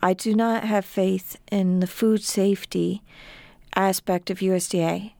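A woman's voice: medium pitch, steady tone, measured pace, vocal fry, mellow, no echo. A middle-aged woman, an author and sheep farmer, speaking earnestly as an interview guest. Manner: earnest, repeats words when upset.

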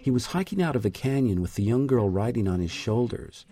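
A man narrating a radio news feature as a reporter, in a measured, reflective way. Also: medium pitch, sing-song, mellow.

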